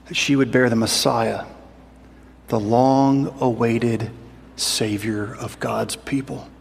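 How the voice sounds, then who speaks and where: A man preaching a sermon in a measured, explanatory way with rhetorical asides. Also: medium pitch, long reverb tail. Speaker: pastor.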